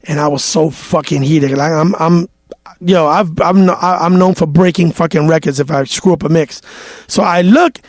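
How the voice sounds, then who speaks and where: A high-voiced man spins animated stories from his DJ days, swearing freely and acting out every quote. He sounds like he's in his thirties. The recording is dry and close to the mic. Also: moderate pace, no echo. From New York. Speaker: DJ guest. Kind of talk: casual interview storytelling.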